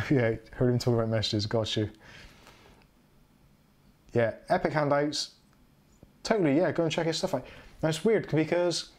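Fairly high-pitched and a little mellow, he speaks at a moderate pace with frequent pauses. The livestream host, a West Country Englishman, chats casually from home, wandering off topic and self-correcting as he talks.

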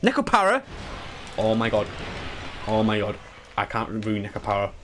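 A man in his twenties chatting casually and excitedly while playing through a game, swearing freely and wandering into asides. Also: lowish voice, normal speed, slight background noise. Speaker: gaming YouTuber. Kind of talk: live speedrun commentary.

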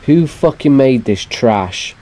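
A man plays through a horror game and talks slowly in a warm, mellow voice. He mutters to himself and swears at the game in frustration, with a faint hum of noise behind him. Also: mid-range voice, expressive. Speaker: gamer streaming a horror game. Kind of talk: let's-play commentary.

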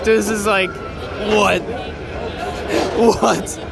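A man vlogging from a speedway grandstand on a handheld phone, hoarse, loud, excitable and swearing freely. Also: high voice, drawn-out words. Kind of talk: casual vlog from a race. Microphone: handheld phone camera. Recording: loud crowd and outdoor noise. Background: roaring race crowd.

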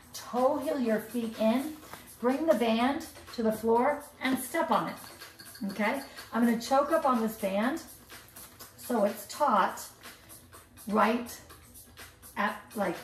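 A woman's voice: on the high side, takes it slowly, far from the mic. Woman coaching a workout in an echoey room. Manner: upbeat counting cues, chatty asides. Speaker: fitness instructor. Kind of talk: workout instruction. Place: indoor room, filmed alone. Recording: echoey room, off-mic, faint music.

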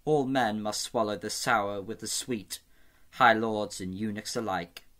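Guy voicing a smooth sly eunuch spy, courtly and wry, a bit low, storybook reading. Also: a little slow, pushed and bright. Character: sly courtly eunuch spymaster, soft-spoken man.

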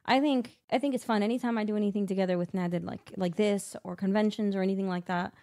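A woman co-hosting a podcast in relaxed conversation. Her pitch sits in the middle of the usual range. She speaks earnestly about what she thinks and teases her co-host along the way. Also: quick pace. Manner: earnest, teasing, laughs often. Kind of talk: casual chat.

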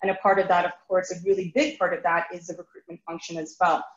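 A woman's voice: on the low side, little pitch movement, fast, roomy sound, highs cut off. A woman guest on a podcast, answering fluently and in a businesslike way, often opening with "so". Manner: fluent, businesslike, many "so" openers. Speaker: guest, recruiting lead.

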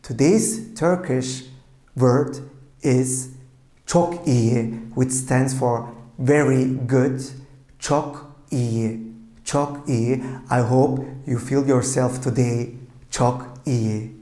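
A language teacher talks slowly and patiently, repeating each phrase more than once. The voice sits at an ordinary middle pitch. The room around it is noticeably echoey. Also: mellow. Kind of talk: slow patient language lesson.

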